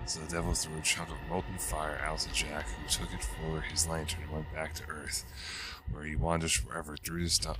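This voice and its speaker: A man narrates a ghost story in a measured, even delivery, now and then catching himself and restarting a word. His voice sits extremely low and stays flat across each line, with only a faint hiss of noise behind it.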